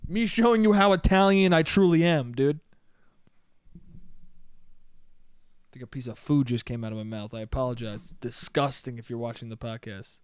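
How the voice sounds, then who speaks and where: A man's voice: medium pitch, moderate pace, long pauses, smooth, no room sound. A young man ranting on his own comedy podcast, rambling and swearing, with "dude" thrown in often. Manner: profane, rambling, says "dude" a lot. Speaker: podcast host. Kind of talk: solo comedic podcast rant.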